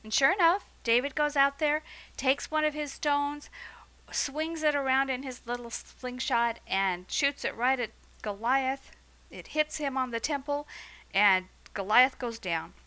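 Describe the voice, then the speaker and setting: Brief: woman teacher, casual, animated retelling, crisp bright tone. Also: high voice, measured pace, low-quality recording. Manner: lively, conversational, frequent fillers and asides. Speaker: Bible teacher. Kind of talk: casual Bible storytelling lesson.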